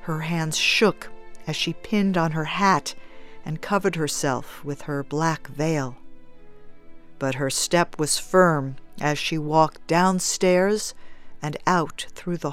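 A woman narrating a story in a measured, even storytelling manner. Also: deep voice, no echo.

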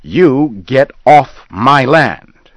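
A man's voice: low voice, sing-song, normal speed, bright, forceful tone, slightly rough, no room sound, full character voice. A man voicing a small bespectacled landowner who is scared but stubborn, raising his voice in short, insistent demands. The recording sounds dull and lo-fi. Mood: angry, defiant.

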